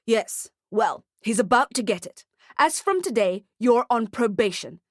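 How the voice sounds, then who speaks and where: A woman's voice: on the high side, animated, a little slow, no echo, studio quality. A woman voicing a weary male boss who scolds firmly in an audiobook. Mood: stern. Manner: firm, scolding.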